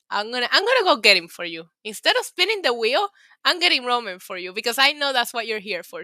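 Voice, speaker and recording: A woman's voice: fairly high pitch, bright, forceful tone, no echo. A woman from New York City hosting a casual livestream, chatting, laughing often and reading the chat aloud. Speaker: livestream host.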